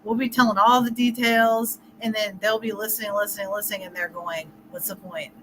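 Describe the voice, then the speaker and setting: A woman's voice: medium pitch, flat delivery, fairly quick, fairly bright tone, slight background noise, poor audio. A middle-aged woman relationship coach talking casually in an interview, explaining with everyday scenarios and laughing often.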